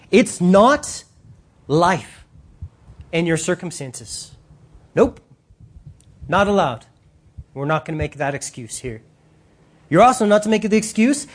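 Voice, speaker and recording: A preacher delivering an animated sermon with emphatic, direct appeals to the congregation. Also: mid-range voice, unhurried, pauses often.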